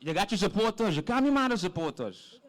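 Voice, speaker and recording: A man emceeing a live poetry night, his voice sitting fairly high. He jokes with the audience and teases people playfully between acts. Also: sing-song, brisk. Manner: joking, playful, teasing the crowd. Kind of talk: live event hosting banter.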